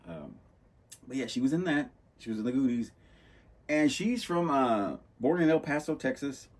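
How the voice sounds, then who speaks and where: A man's voice: mid-range voice, sing-song, normal speed, a little mellow. A man hosting a podcast, chatting casually and rambling through movie stories, acting out lines in a loose, laid-back way. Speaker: podcast host. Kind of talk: casual chat about movies.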